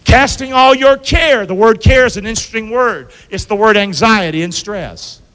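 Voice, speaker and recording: A man preaching a sermon to his church in call-and-response style, asking the congregation to answer back and swinging between loud calls and low asides. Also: normal speed, smooth, long reverb tail, rough recording. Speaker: pastor. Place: church sanctuary.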